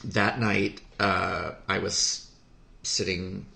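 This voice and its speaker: Man, slow unhurried delivery, heartfelt, halting with lots of pauses, echoey room. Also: sits low, fairly even intonation, vocal fry, sharp tone. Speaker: guest telling a personal story. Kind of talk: podcast conversation. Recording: roomy echo.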